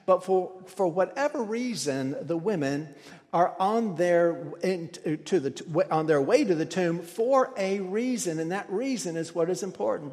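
A man's voice: high voice, animated, a little slow, a little mellow. A man preaching a sermon, explaining a passage with frequent restarts and stumbles. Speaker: pastor. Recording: long hall reverb.

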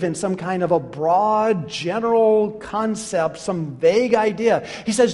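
A man preaching a sermon, emphatic and rhetorical, repeating his questions and swinging between hushed and loud passages. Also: sits high, measured pace, few pauses. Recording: long reverb of a large hall.

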